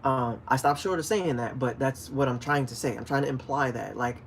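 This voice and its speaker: Animated man ranting on a livestream. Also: medium pitch, a little fast, slight background noise. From DC, Maryland, Virginia area. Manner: animated storytelling, acts out shouted calls. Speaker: fishing livestream host. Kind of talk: casual livestream chat, reading viewer comments.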